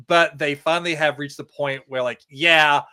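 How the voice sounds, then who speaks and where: A man talking as a podcast guest in casual chat, measured and thoughtful, with a few fillers. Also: on the high side, fairly even intonation, bright, forceful tone, smooth.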